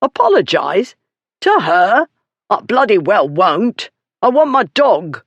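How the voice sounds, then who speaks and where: A coarse, drunken bully of a man bellows in broken grammar, as an audiobook narrator puts him on. His voice jumps high and loud above the narration and stays combative. It is recorded dry and close. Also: lively intonation, measured pace, no echo, muffled recording, full character voice. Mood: angry shouting. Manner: shouting, coarse dialect grammar. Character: drunken brutish male dog owner, blustering. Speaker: story character.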